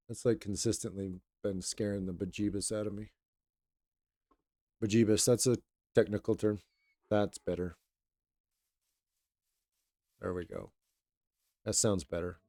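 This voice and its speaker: Low, mellow-voiced man streaming, voice a bit raw. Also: measured pace, vocal fry, long pauses, no echo, clean studio sound. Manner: relaxed, rambling, chatting with viewers. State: voice a little raw. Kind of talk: casual live-stream chat.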